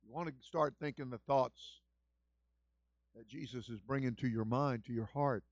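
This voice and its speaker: Male senior pastor, sermon delivery, repeats lines for emphasis, swings from hushed to loud. Dry, muffled recording. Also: mid-range voice, moderate pace, gravelly, no room sound. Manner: swings from quiet storytelling to shouted exhortation.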